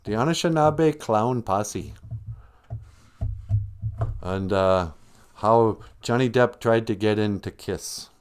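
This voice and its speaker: A man's voice: fairly low pitch, slow, long pauses, clear, resonant tone. A man hosting a livestream, spinning a rambling, jokey story on the fly and slipping into silly voices for the characters. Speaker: livestream host. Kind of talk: casual comedic storytelling.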